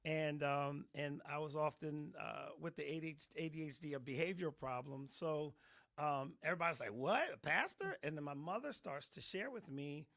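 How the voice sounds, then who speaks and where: A middle-aged man, a pastor, telling his personal testimony in an interview with animated storytelling, acting out the voices of people in his story. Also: a little high, a little fast. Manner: animated storytelling, acts out quotes.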